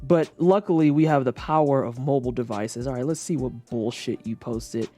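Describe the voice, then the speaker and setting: A young woman streamer from the Saint Louis area, chatting casually and swearing freely, acting out quotes in high voices. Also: moderate pace, dark tone, faint music behind. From Saint Louis area, United States. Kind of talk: casual chat on a livestream.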